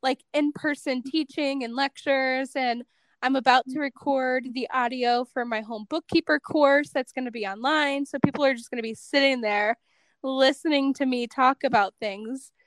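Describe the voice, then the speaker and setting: A woman's voice: high voice, fairly even intonation, moderate pace, no room sound. A woman hosting a podcast, chatty and self-deprecating, giggling often. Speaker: podcast host. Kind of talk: casual podcast conversation.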